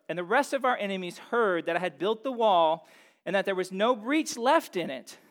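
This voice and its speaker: Conversational man preaching, high voice. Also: a bit bright. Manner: conversational, asks the room questions. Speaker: pastor. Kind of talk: sermon.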